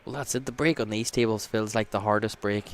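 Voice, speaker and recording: A man's voice: lowish voice, steady tone, brisk, a little hiss or hum. An Irish man giving casual live pool commentary with teasing, wry banter.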